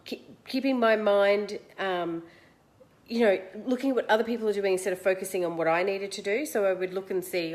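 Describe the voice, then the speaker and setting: Australian woman host, 40s, animated casual storyteller, mid-range voice. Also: medium pitch, fairly quick. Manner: chatty, self-mocking, animated.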